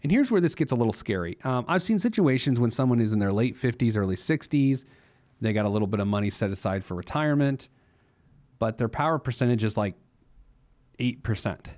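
A man's voice: medium pitch, lively intonation, fairly quick, darkish tone. A man hosting a personal finance podcast in a casual, jokey monologue, laughing at his own silliness. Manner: playful, jokey, laughs at himself. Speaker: podcast host giving money advice.

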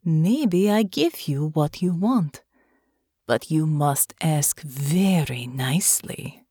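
Lady putting on a big tough guard woman, low slow teasing purr, dry close sound. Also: animated, dark tone, slightly rough, no room sound, heavily acted. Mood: sultry teasing. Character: big strong female guard, teasing and commanding.

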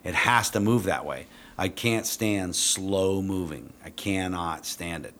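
A middle-aged man who trains police dogs, telling a story in a blunt, profane, casual way and jumping into animated quotes of himself. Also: sits low, slow, slight background noise.

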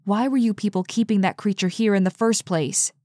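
A woman's voice: mid-range voice, brisk, darkish tone, no echo, clean studio sound, close to an everyday voice. Woman voicing a tense, determined young woman. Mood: urgent. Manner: urgent, coaxing, tense.

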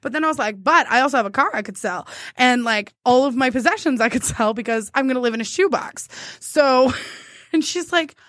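A woman's voice: sits high, lively intonation, brisk, fairly bright tone, no echo, clean studio sound. A young woman co-hosting a podcast, telling a story in casual chat, laughing and acting out quotes.

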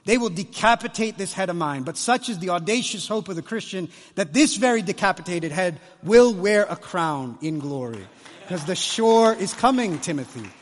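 A man preaching a conference sermon, impassioned, swinging between hushed lines and loud ones. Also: high-pitched, expressive, moderate pace. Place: large conference hall. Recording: long hall reverb.

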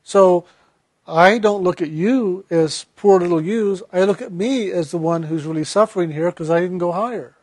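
A man's voice: high voice, moderate pace, darkish tone, no room sound. A man voicing a remorseful male soul who earnestly blames himself for refusing to meditate. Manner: earnest, self-blaming.

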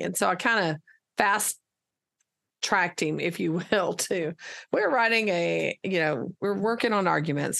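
A woman teacher telling a lively classroom story in casual conversation, acting out the dialogue as she goes. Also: lowish voice, creaky.

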